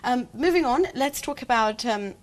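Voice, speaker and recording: A woman's voice: a little high, animated. A woman hosting a football show, leading a casual chat with wry asides. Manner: chatty, wry, quick asides. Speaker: host.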